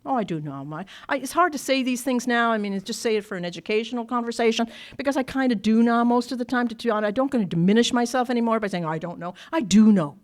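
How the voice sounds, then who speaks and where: Talking fast with hardly any pauses, this Irish woman has a fairly high voice. She addresses a recovery meeting in a workshop meeting room, recounting her own recovery with blunt candor and frequent laughter.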